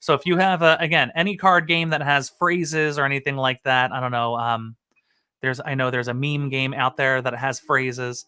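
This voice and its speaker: A man's voice: mid-range voice, steady tone, normal speed, sharp tone, smooth. A man hosting a comedy stream, chatting casually to camera in a rambling, self-mocking way and laughing often.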